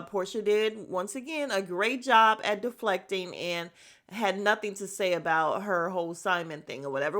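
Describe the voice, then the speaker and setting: A woman's voice: medium pitch, fairly bright tone. A woman hosting a podcast and recapping a reality show in casual chat. She is candid and blunt, swears freely, drifts into tangents and addresses her listeners directly. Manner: candid, gossipy and blunt, with frequent profanity; drifts into tangents and self-aware asides to listeners.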